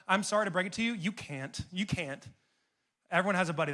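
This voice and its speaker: A man delivers a youth sermon in a loose, chatty style full of slang and asides. His voice sits high and sounds bright and forceful. He keeps the energy up as he talks to young listeners. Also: fast talker. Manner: casual, animated, conversational with slang. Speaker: youth pastor.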